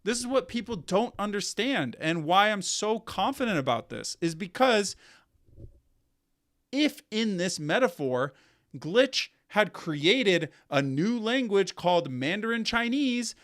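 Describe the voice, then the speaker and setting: A man, a content creator, delivering a casual, animated commentary rant. He rambles and often repeats himself. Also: high voice, a little slow.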